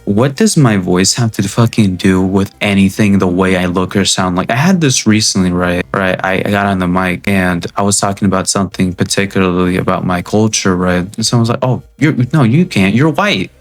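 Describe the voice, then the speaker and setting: A young man with a low voice rants about gaming in a blunt, cursing, rambling way. He keeps checking in with "right?" as he goes, talking straight to his viewers. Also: fairly quick, few pauses, faint music behind. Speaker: gaming video creator. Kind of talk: casual gaming rant.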